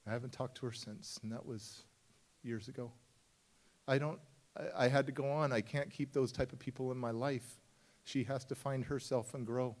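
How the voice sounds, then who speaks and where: A man giving a motivational talk and taking audience questions at a summit. He speaks in a conversational, confiding way, with sudden shifts between loud, emphatic lines and quiet, hushed ones. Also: mid-range voice, steady tone, normal speed. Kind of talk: live storytelling talk and audience Q&A.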